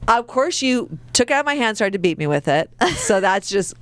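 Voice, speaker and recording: A middle-aged woman spins family stories with giggly, animated energy. Her voice leaps up and down constantly. The sound is dry and close. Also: mid-range voice, normal speed, dry recording. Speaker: podcast co-host. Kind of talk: casual family chat.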